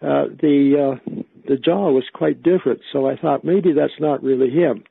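Male interview guest on the phone: gravelly, halting, dry narrow phone sound. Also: a little high, no room sound. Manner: halting, with many fillers and restarts. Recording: tinny phone line.

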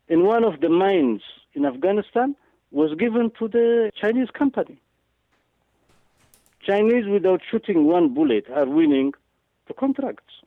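A man's voice: fairly high pitch, no echo. Emphatic man over a tinny radio line. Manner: halting, repetitive, emphatic delivery with many fillers. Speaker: guest speaker. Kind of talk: political talk.

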